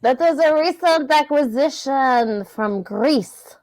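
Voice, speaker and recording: A woman's voice: high voice, expressive, slow, darkish tone, dry recording, pitched above the performer's own voice, low-quality recording. A woman voicing a flirty French male art gallery owner with a hammy put-on French accent. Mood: smooth flirting. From Montreal. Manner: hammy, playful.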